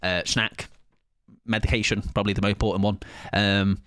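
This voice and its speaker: This gaming streamer from southern England keeps up casual live-stream chatter with his viewers, self-deprecating and quick with side comments to chat. His fairly low voice barely shifts in pitch and sounds fairly bright and smooth. The recording is dry, with clean studio sound.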